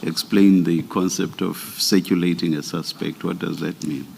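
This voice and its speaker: A man acting as commissioner, questioning a witness in a measured way and pressing with repeated questions. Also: low voice, fairly even intonation, creaky, darkish tone, big-room sound. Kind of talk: formal questioning at a hearing.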